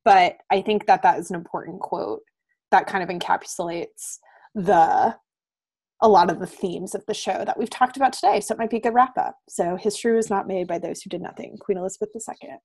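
A woman's voice: medium pitch, fairly quick, gravelly, darkish tone, breathy edge. Woman podcast host; casual, chatty delivery with frequent fillers. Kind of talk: casual chat.

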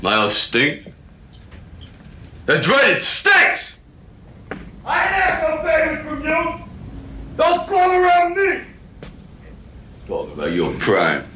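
An actor playing a bitter, worn-down aging boxer who shouts and chokes up in a rough street drawl, played from a film clip. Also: male voice, very high voice, huge pitch swings, slow pace, pauses often, a little hiss or hum, full character voice. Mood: anguished. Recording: roomy film clip from a distance.

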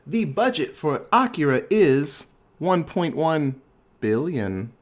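A man's voice: on the high side, very animated, slow. A man co-hosting a casual movie podcast, laid-back and swearing freely as he recaps the film. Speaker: podcast co-host. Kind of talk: casual movie review chat.

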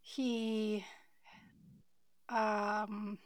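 A woman's voice: medium pitch, little pitch movement, drawn-out words, low-quality recording. A woman reacting to a story in casual chat, hesitant.

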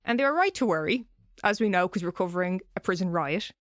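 A woman's voice: on the low side, expressive, quick pace, no room sound, clean studio sound. A woman co-hosting a podcast, telling a story in a loose, chatty way and swearing casually. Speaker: podcast co-host.

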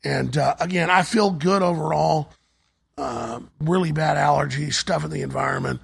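Hoarse gravelly talk show host. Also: male voice, fairly even intonation, moderate pace. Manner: urgent, repetitive sales pitch. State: hoarse, voice nearly gone. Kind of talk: on-air fundraising and product pitch.

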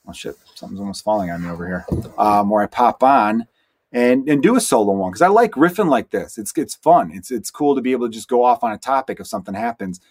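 A stand-up comedian with a mid-range voice hosts his own solo podcast, casually telling stories in a rambling, animated monologue peppered with quick asides.

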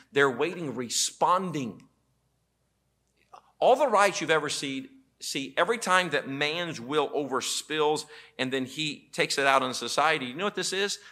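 A man preaching a sermon as pastor in a church auditorium, telling stories with quoted voices. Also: on the high side. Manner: animated storytelling with quoted voices.

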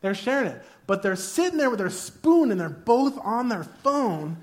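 A man's voice: extremely high pitch, big pitch swings, normal speed. A man preaching a sermon, in a casual, jokey way, who acts out quoted arguments in a raised voice. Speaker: pastor.

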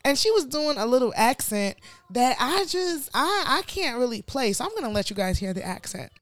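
A woman's voice: high-pitched, big pitch swings, normal speed, no room sound. A young adult woman co-hosting a casual pop-culture podcast, frank and opinionated, chatting with plenty of fillers. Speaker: podcast co-host.

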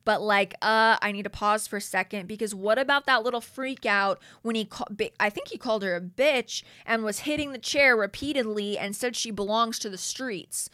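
A young woman hosting a casual reality TV recap, animated and slangy as she reads from her notes. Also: medium pitch, normal speed, few pauses, no room sound, studio quality.

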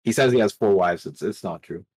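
A man's voice: on the low side, brisk, a little mellow, dry recording. Easygoing, stammering male podcast co-host. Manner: easygoing, stammers when explaining. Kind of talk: casual podcast discussion.

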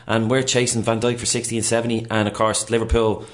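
A man with an Irish accent in casual sports chat on radio, animated and chatty. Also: mid-range voice, fast.

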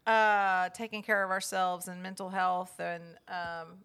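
A woman's voice: fairly low pitch, steady tone, unhurried, fairly bright tone, clear, resonant tone. A woman co-hosting a casual chat, curious and thoughtful in her questions.

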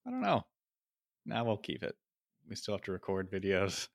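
A man's voice: lowish voice, wildly swooping pitch, moderate pace, gravelly. A man co-hosting a casual podcast, asking easygoing questions. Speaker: podcast co-host.

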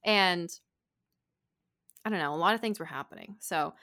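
A young woman telling a story in casual chat, animated and giggly, full of "like". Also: lowish voice, normal speed. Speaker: podcast co-host.

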